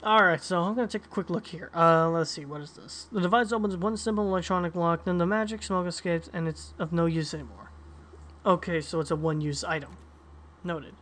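A man's voice: on the high side, fairly even intonation, brisk, a bit bright. A man playing a game and chatting casually, reading in-game notes aloud and reacting to them. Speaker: let's-play gamer.

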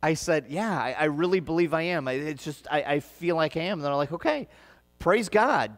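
A Midwestern pastor's voice, on the high side and animated at normal speed, carries an earnest sermon that swells into emphatic stretches. Long reverb from the church sanctuary trails his conversational preaching.

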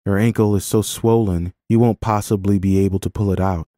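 A skeptical but kindly young peasant woman speaks with careful, guarded politeness, as a male audiobook reader puts her on. The voice is lifted from a dark, mellow base. The sound is dry and close. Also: on the low side, steady tone, brisk, no echo, lightly acted. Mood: polite. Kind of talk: audiobook character voice.

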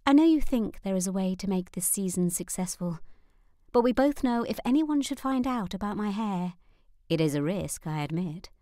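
A woman's voice: medium pitch, animated, normal speed, dark tone, no echo, clean studio sound, natural voice. A woman voicing a worried, self-doubting young noblewoman in an audiobook, speaking earnestly.

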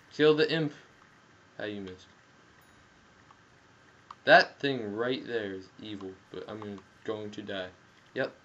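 With a fairly low voice, this excitable young guy jokes and shouts at the game as he comments on his play. His gaming headset gives a dull sound with a bit of faint noise.

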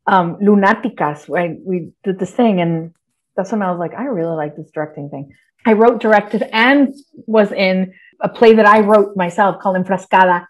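Chatty woman rambling through stories. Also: mid-range voice. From Texas. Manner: lively, rambling, full of "like" and restarts. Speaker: guest writer. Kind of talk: casual interview chat.

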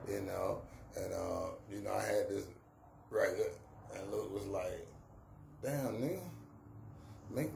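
Speaking in a gravelly, lowish voice, this middle-aged man swaps casual stories about his rap career. His slang is pure street, and he mimics whoever he's quoting. There's echo in the room and a faint hum of background noise.

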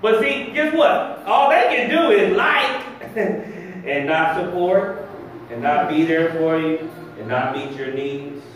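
A man preaching in a church with a very high voice for a man, plain-spoken and full of slang as he teases the congregation. The sound is very echoey and picked up from well back from the mic, with faint music behind him. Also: lively intonation, slow, slight background noise. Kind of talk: lively sermon. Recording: very echoey hall, mic far off.

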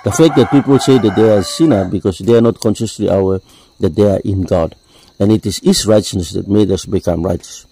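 Low mellow guy preaching, dry sound, keeps saying you see. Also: slight background noise, rough recording. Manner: explains with repeated "you see", deliberate phrasing. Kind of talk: sermon.

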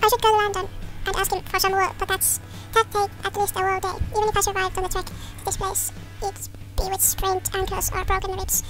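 A woman reading a tired, gloomy wool worker's game lines aloud in a squeaky put-on voice, with game music under her. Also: little pitch movement, a little fast, low-quality recording. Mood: weary.

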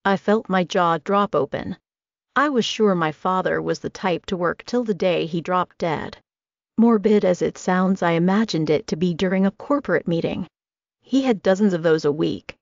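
A woman's voice: fairly low pitch, moderate pace, dry recording. A woman narrating a first-person romance audiobook in a wry, confiding manner. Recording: dull lo-fi recording.

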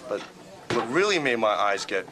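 A man's voice: lowish voice, big pitch swings, normal speed, crowd noise, low-quality recording. A man answering interview questions in a rambling, hesitant way, with many fillers. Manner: rambling, hesitant, then blunt. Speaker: interview guest. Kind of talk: casual interview.

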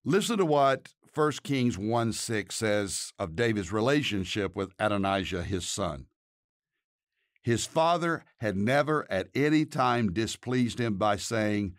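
A man, a pastor and podcast host, reading a scripted devotional narration and leading a prayer in an earnest, measured way. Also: lowish voice, lively intonation, no echo, studio quality.

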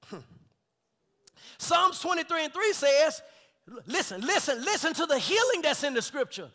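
A man preaching a sermon as pastor of his church, with folksy jokes and laughter, swelling into shouted scripture with call-and-response. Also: very high voice, expressive, fairly quick. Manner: folksy, joking asides with laughter. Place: church sanctuary.

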